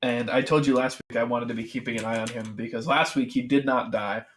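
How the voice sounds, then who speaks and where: Gaming podcast cohost guy, mid pitch, rambly, lots of i mean and like. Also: fairly even intonation, brisk, a crowd in the background. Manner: rambling, full of fillers like "I mean" and "like". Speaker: podcast co-host. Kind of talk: casual chat about esports.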